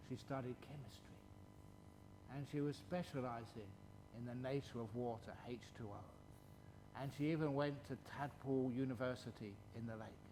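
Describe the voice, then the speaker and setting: Playful monk giving a dharma talk. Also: male voice, mid-range voice, noisy background. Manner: playful, chuckling, drawls words slowly for emphasis. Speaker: Buddhist monk teaching a retreat. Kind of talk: dharma talk with questions and answers.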